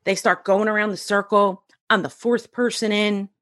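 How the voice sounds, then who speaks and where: A middle-aged woman, a podcast guest, telling her story in a casual, animated way and acting out the voices of people she quotes. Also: mid-range voice, moderate pace. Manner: animated, acts out quoted dialogue.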